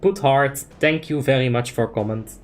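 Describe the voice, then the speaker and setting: Beeping robot commenter, stiff and dutiful, mid-pitched, as a gamer puts it on. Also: male voice, normal speed, close to an everyday voice. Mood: mock robotic. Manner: beeping, stiff broken phrasing. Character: mechanical spam-comment bot, male, dutiful.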